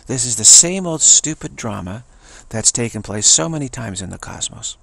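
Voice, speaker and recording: A man's voice: mid-range voice, expressive, moderate pace, vocal fry, pushed and bright, breathy edge, no echo. A man giving a rambling spiritual talk, telling a story and repeating phrases for emphasis. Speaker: spiritual teacher.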